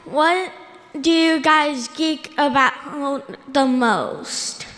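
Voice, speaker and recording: A woman's voice: high voice, extremely slow, fairly bright tone. A woman from Colorado, a fan asking the panel a hesitant question. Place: large convention hall. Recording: roomy hall reverb.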